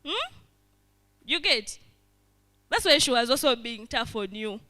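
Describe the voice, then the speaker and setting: This workshop facilitator is a young woman with a fairly high, sharp-toned voice, very animated yet measured in pace. Her interactive session involves constant check-ins with listeners and little acted-out scenes.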